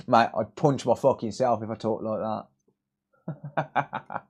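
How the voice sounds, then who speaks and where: A man's voice: on the low side, takes it slowly, long pauses, darkish tone, husky. A British man hosting a live repair stream, rambling in casual chat, swearing and laughing a lot.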